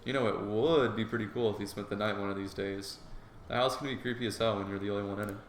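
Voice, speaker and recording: A man's voice: fairly low pitch, fairly even intonation, fast, a little hiss or hum, lightly acted. A man voicing a crude teasing teen guy. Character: brash crude teenage male animal. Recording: echoey room, soft guitar music.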